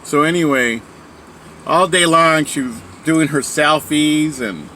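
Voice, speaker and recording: A man's voice: fairly high pitch, takes it slowly, bright, forceful tone, slight background noise. A man casually telling a story about a sailing trip, rambling with many fillers and restarts. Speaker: speaker sharing a story.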